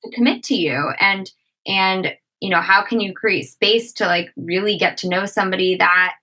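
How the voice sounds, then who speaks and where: Woman guest on a chatty podcast, bright kinda tense voice, lots of "like" and "you know", thinking out loud. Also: mid-range voice, moderate pace, poor audio. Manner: reflective, frequent "like" and "you know". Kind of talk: casual conversational interview.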